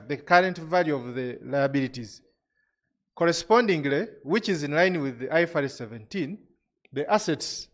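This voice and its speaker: A man presenting regulations to an industry audience, explaining step by step with frequent restarts. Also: a little high.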